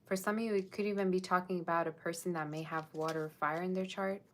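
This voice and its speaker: A woman's voice: on the low side, fairly even intonation, quick pace, a little hiss or hum. A woman giving a casual live-streamed tarot reading, chatting straight to her viewers in a musing, tentative way. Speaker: tarot reader.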